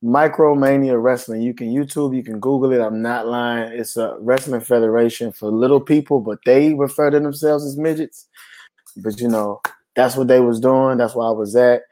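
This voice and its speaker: A man's voice: mid-range voice, steady tone, moderate pace, mellow, slight background noise. A man from Georgia, a guest on a show, telling a story in a laid-back, joking, slangy way. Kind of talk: casual storytelling.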